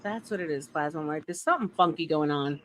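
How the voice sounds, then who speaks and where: A woman's voice: deep voice, fast talker, crowd noise. A woman hosting a casual group chat on a stream, teasing her friends and laughing often. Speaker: stream host.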